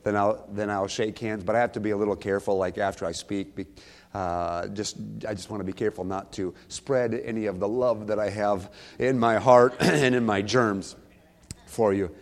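A preacher with a cold and a slight cough, opening his sermon in a relaxed, joking, self-deprecating way. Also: fairly low pitch, moderate pace. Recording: long hall reverb.

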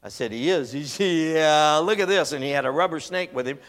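A man preaching a storytelling sermon in a folksy, animated way, acting out voices as he tells stories. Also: a little high, a little fast. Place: large church hall. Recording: long hall reverb.

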